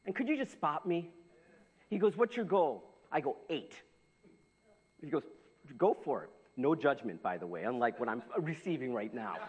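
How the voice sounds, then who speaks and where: A man's voice: mid-range voice, moderate pace, breathy edge. A man preaching a sermon as pastor, telling stories with lots of restarts and repetition. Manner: animated storytelling with repetitions. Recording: dull lo-fi sound.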